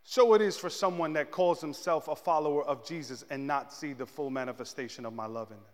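A man, a pastor, preaching a sermon and telling a story about himself in an animated, self-mocking way, acting out his own outbursts. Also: fairly high pitch, fairly quick, in a large hall.

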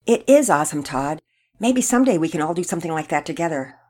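A woman's voice: sits low, expressive, fast, mellow. A woman voicing a kind, upbeat young schoolboy who speaks to a friend. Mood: cheerful.

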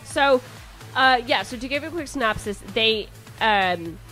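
A young woman with a Midwestern American accent, co-hosting a comedy podcast. Her voice sits a bit high and she rambles, restarting sentences and laughing as she talks. Faint music plays behind her. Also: lively intonation, measured pace, pushed and bright. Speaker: podcast co-host reading listener questions. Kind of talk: casual comedy podcast chat.

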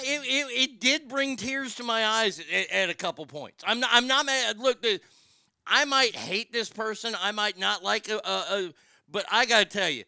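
Bright, high-voiced wisecracking host. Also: male voice, creaky, clear, resonant tone, no echo, studio quality. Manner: brash, wisecracking. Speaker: talk show host. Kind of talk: joking talk show banter.

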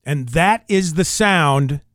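A man's voice: a little high, animated, slow, a bit bright, dry recording. Wry fill-in radio co-host man. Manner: storytelling, wry. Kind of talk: casual radio chat. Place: radio studio.

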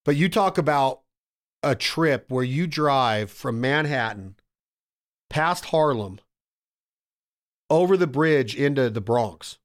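A man in casual podcast chat, telling excited, profane stories and calling his friend "bro" and "dude". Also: medium pitch, takes it slowly, pauses often.

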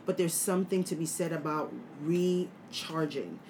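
Woman teacher, lowish voice, really emphatic, little hiss in back. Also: measured pace. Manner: emphatic, animated, laughing often. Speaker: podcast co-host, teacher. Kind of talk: casual chat.

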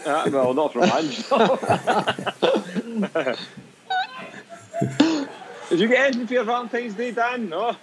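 A man's voice: extremely high pitch, huge pitch swings, extremely slow, long pauses, noisy background. A man with a Scottish accent, co-hosting a casual football chat, hesitant and prone to repeating himself. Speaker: podcast co-host.

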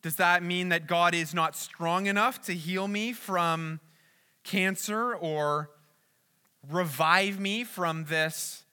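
A man with a high, very bright and forceful voice preaches a sermon. He talks earnestly, climbing to loud, urgent peaks and then sinking to quiet, hushed passages. His tone stays sharp and ringing throughout. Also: slow, clear, resonant tone. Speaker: pastor.

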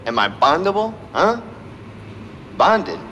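A man's voice: on the high side, sing-song, slow pace, bright, forceful tone, slight background noise, voice pushed up, full character voice. Man putting on a smug crooning braggart. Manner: boastful, crooning, swaggering. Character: cocky sleazy braggart man.

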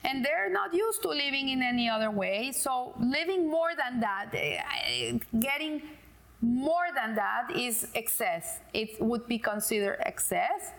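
A middle-aged woman who teaches a Torah class gives an informal religious lesson in a high, slightly bright voice with vocal fry, lively intonation, and a measured pace. She talks conversationally with many fillers and restarts, acting out quoted dialogue in a joke.

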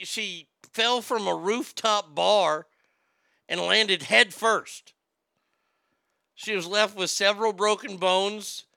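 A man's voice: high-pitched, creaky, bright, forceful tone, clean tone, dry recording. A man hosting a casual comedic chat, wisecracking about odd news stories. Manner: wisecracking, drifting into mocking bits.

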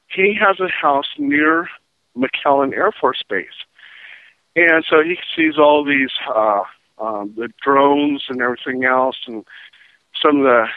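A man's voice: on the high side, no echo. A man calling in as a guest on a radio show, telling rambling stories with many restarts over the phone. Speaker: guest, paranormal investigator. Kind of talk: casual radio chat. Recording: tinny phone line.

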